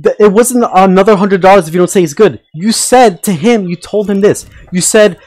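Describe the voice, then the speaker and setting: A man's voice: high-pitched, fairly quick, darkish tone, no room sound. A man hosting a live stream, arguing heatedly and insistently, repeating the other man's name. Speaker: streamer host.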